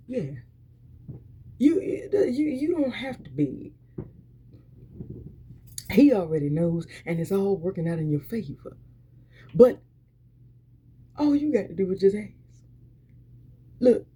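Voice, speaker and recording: A woman with a husky, dark, fairly low voice delivers a weekly motivational encouragement. She preaches fervently and repetitively, urging listeners on and restarting often.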